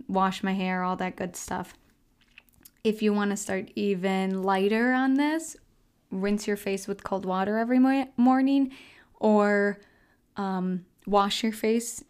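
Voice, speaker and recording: A young woman talks through health habits at home in a loose, rambling way. She fills her sentences with "like" and "um" and laughs often. Her voice is smooth and clear, at an average pitch. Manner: chatty, rambling, laughs often, many fillers. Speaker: podcast host. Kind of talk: casual solo health chat. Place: house, indoors.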